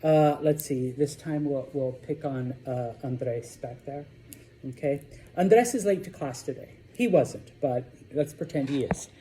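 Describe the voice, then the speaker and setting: Male language teacher, mellow voice, classroom lecture, distant mic with light room noise. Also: mid-range voice, a little slow. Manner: lively, repeats "okay?" to check understanding. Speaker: Spanish teacher. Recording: echoey classroom from far off.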